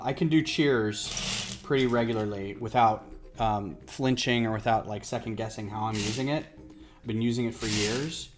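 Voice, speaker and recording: Rambly streamer guy, kinda low voice, casual chat from his home office, faint music behind. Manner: chatty, rambling, self-deprecating. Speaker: livestreamer. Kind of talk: casual chat while building.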